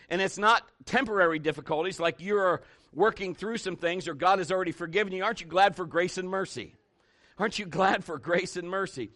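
A man preaching from the pulpit in a high, bright voice. He is emphatic and animated, repeating his points and acting out stories for his church. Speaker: pastor. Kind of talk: sermon.

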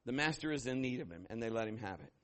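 Middle-aged male pastor, bright-toned, lively storytelling sermon delivery. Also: mid-range voice, quick pace. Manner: storytelling, acts out voices with sudden loud bursts.

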